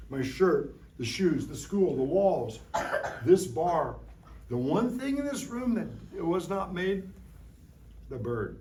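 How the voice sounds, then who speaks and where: A man teaching a lively science lesson to young children in a classroom, playful and full of call-and-response. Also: a little high, slight background noise. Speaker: science educator visiting a class. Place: school classroom. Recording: roomy room from a distant mic.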